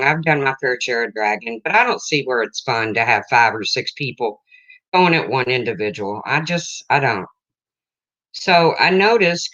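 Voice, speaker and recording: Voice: mid-range voice, bright, forceful tone, dull audio. A livestream host in casual chat, rambling and breaking off to greet viewers, emotional and close to tears.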